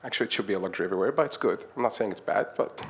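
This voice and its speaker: An Egyptian nonprofit founder gives a conference talk as a string of anecdotes, speaking in a low, slightly bright voice at a very fast clip. He's chatty, chuckles often, and acts out the voices of the people he quotes.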